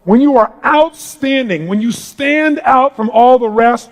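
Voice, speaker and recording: A middle-aged man giving a live motivational seminar talk to a large audience in a hall, booming and energetic, swinging from hushed asides to shouting. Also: a little slow. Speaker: motivational speaker.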